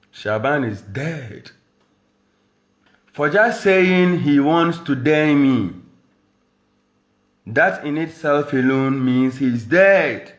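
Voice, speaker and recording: Ghanaian man, rapper doing a diss to camera at home, unhurried and mocking, roomy sound. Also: medium pitch, a bit bright. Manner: boastful, taunting, mixing English with Dagbani. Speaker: rapper and radio presenter.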